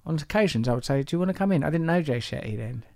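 A man's voice: on the high side, animated, rapid-fire, creaky, a little mellow, dry recording, studio quality. A man hosting a podcast, teasing and rambling through asides between introductions. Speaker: podcast host. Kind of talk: playful podcast intro and banter.

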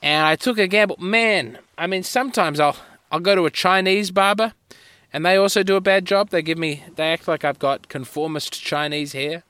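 An Australian podcast host delivers a solo monologue of rambling, wry, self-mocking stories on a close mic with a dry recording. His voice sits high with fairly even intonation at a moderate pace, and its tone is bright, forceful, clear and resonant.

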